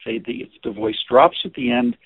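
A man giving an informal lesson on listening in a gentle, hesitant way, with many restarts and fillers. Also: medium pitch, moderate pace, husky, dry recording. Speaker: teacher of listening skills. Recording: dry, phone-like narrow sound.

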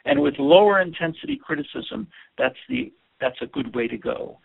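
A man with a deeply gravelly, husky voice gives an earnest instructional talk on communication. His pitch swings widely as he stresses points, often repeating words. The sound is thin and tinny, like a phone line. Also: wildly swooping pitch, normal speed. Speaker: communication teacher.

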